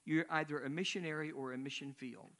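A man's voice: a little high, fairly even intonation, a little fast, a bit bright. An older man, a missionary, preaching a sermon in a conversational, rambling way with asides.

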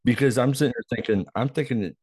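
A man's voice: mid-range voice, fast, slightly rough, dry recording, studio quality. A man co-hosting a casual movie podcast, talking loosely with lots of fillers. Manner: relaxed, filler-heavy, bursts into yells when quoting. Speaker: podcast co-host.

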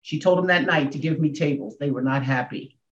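A woman in her sixties, a comedian and speaker, telling her story as a podcast guest with emphatic swings in pitch and volume. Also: fairly quick. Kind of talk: emotional storytelling in a podcast interview. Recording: echoey, dull room sound.

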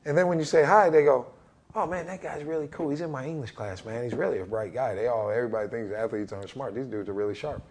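A man in his forties, a basketball head coach, telling stories in an interview and acting out what people say with big jumps in his voice. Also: quick pace. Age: 40s. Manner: animated, acts out quotes with big pitch jumps. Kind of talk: energetic interview storytelling.

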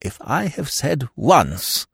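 A man's voice: medium pitch, very animated, takes it slowly, vocal fry, fairly bright tone, breathy edge, no echo, clean studio sound, pitched above the performer's own voice, exaggerated voice. A man voicing a vague, absent-minded elderly male aristocrat who rambles and trails off.

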